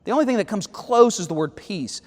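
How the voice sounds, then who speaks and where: Male pastor with a high voice, dry sarcastic teaching style, church hall reverb. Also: animated, a little fast. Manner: wry, critical, reads lyrics aloud with sarcastic asides. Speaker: pastor leading Bible study. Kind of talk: Bible study teaching.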